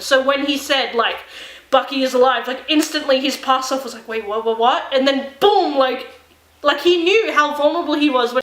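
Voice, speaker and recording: A woman's voice: high-pitched, sharp tone, roomy sound. A young woman in casual talk reviewing a film, gushing and peppering her speech with "like". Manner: gushing, fast filler-heavy chatter with lots of "like". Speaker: movie reviewer vlogger. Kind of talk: excited casual movie review.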